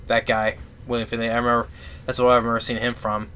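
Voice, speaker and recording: A man's voice: medium pitch, completely flat delivery, sharp tone, a little hiss or hum. Rambling man reviewing a film. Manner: rambling, halting plot retelling with many restarts. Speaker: movie reviewer. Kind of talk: casual spoken film review.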